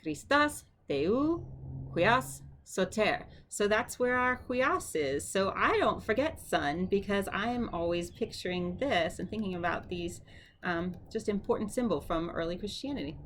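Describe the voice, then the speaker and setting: Middle-aged woman teacher, chatty home-lesson delivery, drills each word slowly, mid-pitched voice, faint room noise behind. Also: expressive. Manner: chatty, repeats words slowly for practice. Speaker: Greek vocabulary teacher.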